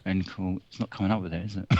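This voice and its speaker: A man's voice: low-pitched, wildly swooping pitch, a little fast, dry recording, muffled recording. A man calling in to a live web show, apologetic and unsure of himself. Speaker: caller.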